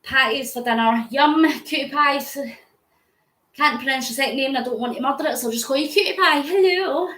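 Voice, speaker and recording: Scottish woman reading out live comments while cycling, chatty, high voice, echoey room. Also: fairly quick, bright, forceful tone. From Scotland. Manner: chatty, answers comments aloud with frequent laughs. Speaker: fundraising vlogger. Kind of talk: live stream chat reading viewer comments.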